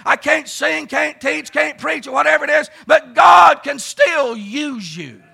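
A middle-aged man preaching a fervent, folksy revival sermon at a camp meeting, often shouting and telling homespun stories. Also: very high-pitched, unhurried, gravelly, faint music behind, some chatter behind. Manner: fervent, folksy storytelling with frequent "uh" and "let me tell you something".

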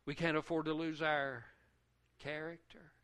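A man preaching a sermon, emotional and repetitive, swinging from hushed lines to loud ones. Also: a little high, flat delivery, measured pace, clear, resonant tone. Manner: repetitive rhythmic phrasing.

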